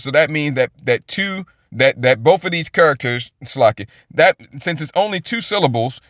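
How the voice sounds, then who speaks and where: A man's voice: on the high side, pushed and bright, no echo, clean studio sound. A man teaching the Bible in an informal, rambling way, repeating words and checking in with "okay?" often. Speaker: preacher.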